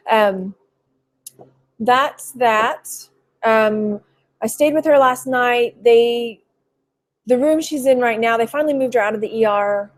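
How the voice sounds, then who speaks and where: A woman from Texas chatting casually on a live stream, rambling through a personal story with lots of "you know" fillers and pausing to greet viewers by name. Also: on the high side. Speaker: thrift reseller vlogger.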